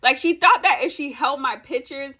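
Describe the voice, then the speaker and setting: A young woman vlogger telling a story in casual chat, animated and ranting, laughing between lines. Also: high-pitched, moderate pace.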